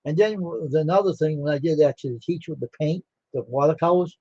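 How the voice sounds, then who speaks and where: A man's voice: on the high side, quick pace, dark tone, no echo, lo-fi sound. An older man hosting a livestream, telling rambling stories in casual chat and acting out the dialogue. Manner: rambling, laughing, acts out quoted dialogue. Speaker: livestream host.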